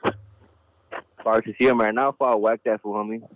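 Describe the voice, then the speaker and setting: A man's voice: fairly low pitch, steady tone, normal speed, no echo. A man calling in by phone, talking tough with profane street slang and lots of "homie". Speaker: caller. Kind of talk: phone call-in. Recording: dull phone line.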